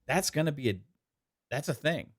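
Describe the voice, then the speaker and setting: A man's voice: a little high, normal speed, no echo, clean studio sound. A man hosting a casual podcast, chatty and emphatic, leaning into his points. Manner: chatty, emphatic, animated asides. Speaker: podcast host.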